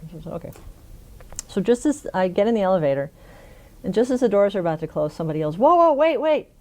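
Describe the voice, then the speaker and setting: A woman's voice: sits low, a little mellow. A middle-aged woman in an oral history interview, telling a funny story with frequent laughs. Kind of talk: conversational storytelling.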